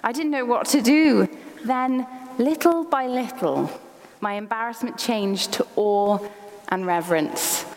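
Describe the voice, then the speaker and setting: A woman gives a sermon to her congregation, her voice sitting a little high and carrying a long, ringing reverb from the church hall. She reads passages aloud from a book and drops small laughs between lines. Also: a little slow, a little mellow. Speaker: preacher.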